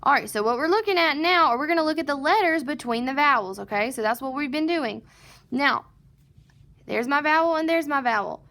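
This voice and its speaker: A woman teaching a recorded phonics lesson to first graders, sounding out word parts slowly and patiently and asking and answering her own questions. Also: high-pitched, lively intonation, sharp tone.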